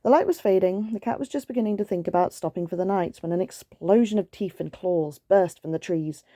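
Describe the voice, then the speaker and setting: A woman reading a picture book aloud in a gentle, soothing way, with chatty asides. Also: fairly low pitch, a little fast, no room sound, studio quality. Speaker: storytime reader.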